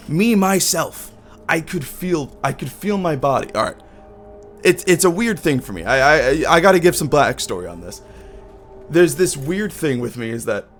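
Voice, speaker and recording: A man streaming a game, talking in loose casual chat, rambling with frequent restarts and swearing. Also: medium pitch. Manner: rambling, profane, many restarts.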